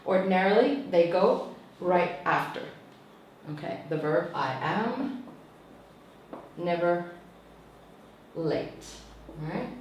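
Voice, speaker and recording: A woman teacher trainer talks through a lesson in a steady, explaining manner, often stopping to check with "okay?". Her voice sits somewhat low. She is recorded from a distance in a very echoey room with faint background noise. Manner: explains patiently, tags points with "okay?". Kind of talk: teacher tutorial lecture. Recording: echoey room, mic far off.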